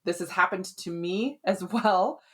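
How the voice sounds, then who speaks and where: A woman's voice: lowish voice, measured pace, a bit bright. A woman hosting a health podcast as a hormone expert, explaining in a chatty, conversational way and often checking in with "right?".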